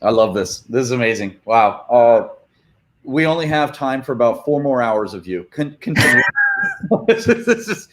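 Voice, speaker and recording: A man's voice: medium pitch, animated, moderate pace, fairly bright tone. A man hosting a virtual summit, enthusiastic and joking, with many "uh"s and "um"s. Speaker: host. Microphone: video call.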